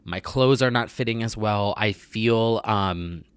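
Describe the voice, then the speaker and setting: Rambling, low-voiced young man. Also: slow pace, clean tone, no room sound. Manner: rambling, self-deprecating, heavy use of "like"; confessional and candid. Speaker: vlogger host. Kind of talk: casual chat to camera.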